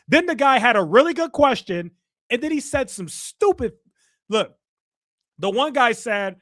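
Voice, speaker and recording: A man's voice: high voice, lively intonation, a little slow, fairly bright tone. A man hosting a live stream, ranting in exasperated casual reaction commentary and swearing freely.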